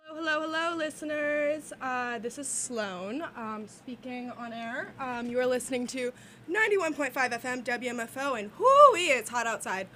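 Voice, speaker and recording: A young woman hosting a college radio show in casual, rambling chat, slightly out of breath and a little shrill, talking into a studio microphone. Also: normal speed, fairly bright tone, slight background noise. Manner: rambling, filler-heavy, self-deprecating.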